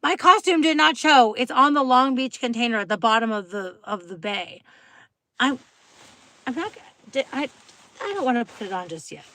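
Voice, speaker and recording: Chatty bright-voiced woman live-streaming. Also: fairly high pitch, lively intonation, moderate pace, no echo. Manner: chatty, rambling, laughing often, greeting viewers by name. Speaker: livestream host. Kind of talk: casual live-stream chat with viewers.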